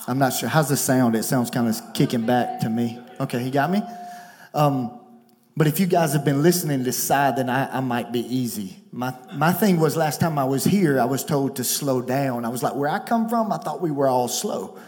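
A man preaching as a guest pastor at a church, talking fast, emotional and effusive. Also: medium pitch, a little mellow. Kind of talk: sermon. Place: church stage.

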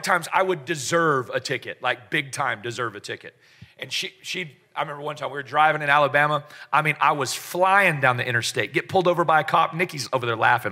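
A man's voice: a little high, sharp tone. A man preaching a sermon to a congregation, telling stories with joking asides and call-and-response. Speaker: pastor. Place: church service in front of a congregation.

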